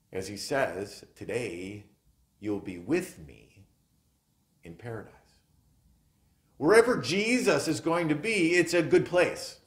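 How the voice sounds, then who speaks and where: Man, pastor, sermon, earnest and emphatic, very expressive pitch, soft trailing phrase ends. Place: chapel. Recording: echoey chapel room.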